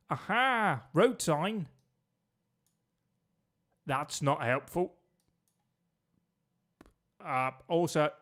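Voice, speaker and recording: A man's voice: on the high side, lively intonation, drawn-out words, long pauses, a bit bright. A man streaming a geography guessing game, chatting and joking with his viewers as he plays. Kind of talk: casual gameplay commentary.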